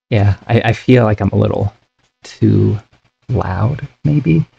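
A young man with a low, gravelly voice rambles in casual, apologetic chat as a first-time streamer. He talks into a cheap microphone, and the sound is close and dry. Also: takes it slowly, no room sound, lo-fi sound, soft background music. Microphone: cheap desk microphone.

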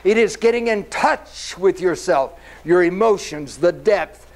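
An older man giving an animated storytelling talk to an audience. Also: high voice, measured pace, rough recording. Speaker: speaker.

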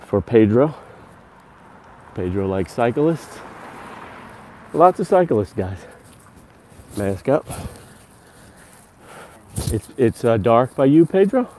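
A man's voice: medium pitch, sing-song, slow, long pauses, dark tone, slight background noise. A man narrating a casual live-stream walking tour outdoors, out of breath from climbing stairs and chatting to his viewers as he goes. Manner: chatty, addresses viewers as guys. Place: outdoors on a hillside park at dusk.

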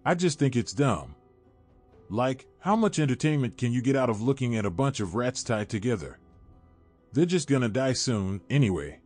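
A defensive teenage girl who scoffs at everything, read by a man in his own low register. Soft music runs faintly underneath. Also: lively intonation, moderate pace, natural voice. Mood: dismissive. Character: dismissive short teenage girl.

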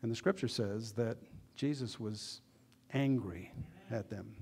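A pastor preaching a sermon in a church, earnest, putting questions to the congregation and swinging between loud emphasis and quiet asides. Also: male voice, lowish voice, a little slow.

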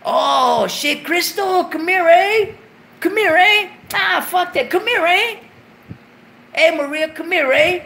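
A man voicing a nosy, loud young woman who gossips in a high, squealing voice. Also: big pitch swings, measured pace, slight background noise, exaggerated voice. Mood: excited gossip.

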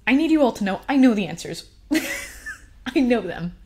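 A woman's voice: on the high side, very animated, moderate pace. A young woman telling a personal story at a conference, chatty and self-deprecating, often laughing. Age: young adult. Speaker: conference speaker.

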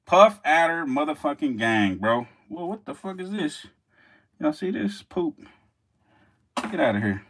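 This male snake-keeper vlogger films casually with a handheld camera, putting it down at times, his lively voice rising and falling at a moderate pace, a little high and breathy. Profane and joking, he laughs at his own gags and chats with the snakes and mice while working.

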